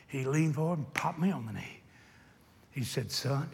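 An older man preaching a sermon, telling a personal story and swinging from hushed retelling to shouted exhortation. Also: mid-range voice, animated, moderate pace, vocal fry, pauses often, in a large hall, slight background noise.

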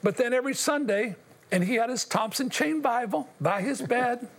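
A man's voice: very high voice, normal speed. An older man giving an earnest, emotional personal testimony as an interview guest. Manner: earnest, emotional storytelling addressed to the host.

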